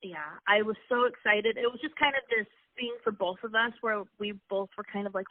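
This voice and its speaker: Speaking at medium pitch and a brisk pace, a young interview guest married to a wrestling coach shares personal stories. She's chatty and emotional, often restarting her sentences in this casual storytelling. The sound is dry and tinny, like a phone line.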